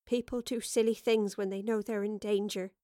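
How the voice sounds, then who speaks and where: A woman's voice: a little high, normal speed, dry recording, studio quality, natural voice. A woman voicing a timid, uneasy young survivor who talks in plain colloquial grammar.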